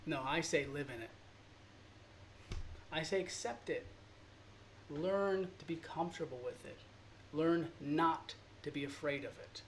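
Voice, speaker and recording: A man's voice: fairly high pitch, a little slow, pauses often, slight background noise. Earnest, emotional male art teacher. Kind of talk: informal drawing lesson monologue.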